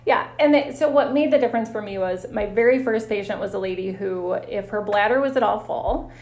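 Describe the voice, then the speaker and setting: A woman physical therapist telling stories in a casual interview, animated and quick to laugh. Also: medium pitch. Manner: animated, laughs often, acts out her own reactions. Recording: roomy echo.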